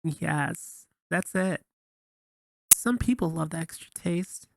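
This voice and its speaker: A man voicing a sweet-talking but sinister young woman who speaks softly in a raised, gravelly voice. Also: fairly high pitch, expressive, takes it slowly, slight background noise, voice pushed up, heavily acted. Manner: sugary, soft-spoken, falsely sweet.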